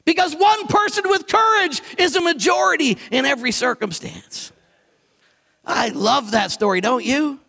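A man preaching a sermon, animated, swinging from quiet low asides to loud, forceful declarations. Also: normal speed. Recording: long hall reverb.

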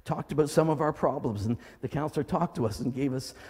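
A male pastor preaching a sermon in a church hall, dramatic, swinging from loud cries to low murmurs. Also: quick pace, slightly rough.

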